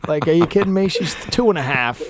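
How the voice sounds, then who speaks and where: A man with a Canadian accent, a comedian guest on a radio show, telling animated stories and acting out quotes. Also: fairly high pitch, quick pace, a loud crowd. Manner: animated storyteller, acts out quotes. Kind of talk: casual radio chat. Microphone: studio microphone.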